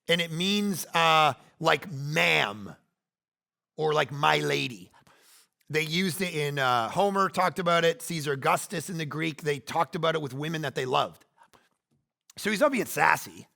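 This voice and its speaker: A man in his forties preaching a sermon, animated, swinging between loud bursts and quiet asides. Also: on the high side, a little slow, vocal fry. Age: 40s. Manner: acts out quoted lines in playful voices. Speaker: pastor.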